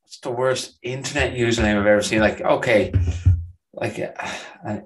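A man co-hosting a casual podcast chat, chatty and quick to laugh, with plenty of fillers. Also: mid-range voice, fairly even intonation, husky, faint music behind. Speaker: podcast co-host.

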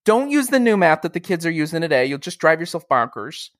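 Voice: medium pitch, very animated, fast talker. A podcast host in casual chat, upbeat and guiding listeners with short prompts.

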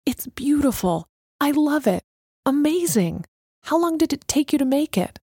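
A woman's voice: fairly high pitch, animated, moderate pace, darkish tone, no echo, studio quality, pitched above the performer's own voice. A woman voicing a curious, eager young woman who asks many questions.

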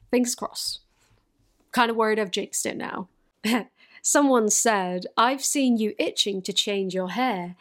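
A young woman, chatting casually and answering viewer questions on her channel, often laughing and poking fun at herself. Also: on the high side. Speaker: YouTuber. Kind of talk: casual chat, Q and A.

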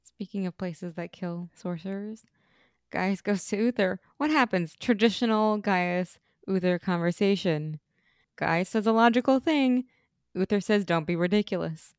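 A woman's voice: medium pitch, unhurried, clear, resonant tone, no echo, clean studio sound. A woman co-hosting a podcast in casual chat, making wry, sarcastic quips. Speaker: podcast co-host.

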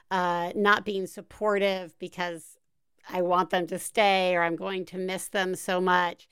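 Podcast host: woman with a clear, smooth voice, unhurried and wry, dry close sound. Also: lowish voice, dry recording. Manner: wry, joking, then gently reassuring. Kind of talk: casual chat.

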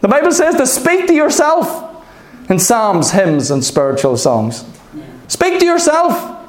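A high-pitched male preacher delivers an animated sermon, often pausing to ask his listeners "Amen?". His voice rings out in a roomy, echoing hall.

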